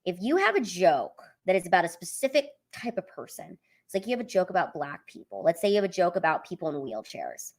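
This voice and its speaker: A woman's voice: lowish voice, sing-song, a little fast. A young woman comedian chatting casually on a live stream, full of fillers and reading out viewer comments.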